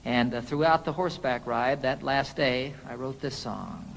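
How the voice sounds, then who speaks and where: A man's voice: medium pitch, normal speed, gravelly, long reverb tail, over loud music, rough recording. A man, a singer-songwriter, telling a story to his audience between songs in a folksy, chatty way.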